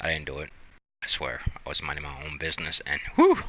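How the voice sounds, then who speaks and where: A man's voice: extremely low pitch, wildly swooping pitch, fast, fairly bright tone, a little hiss or hum. A man casually chatting while playing a video game, rambling and encouraging, with lots of fillers. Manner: rambling, motivational, many fillers. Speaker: gaming channel host.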